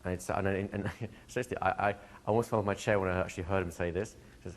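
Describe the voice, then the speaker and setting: Low-voiced man teaching with animated stories. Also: fast talker, a little hiss or hum. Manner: animated storytelling, laughing, acting out quoted dialogue. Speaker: hypnosis instructor. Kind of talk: live workshop Q&A answer. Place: training room with students.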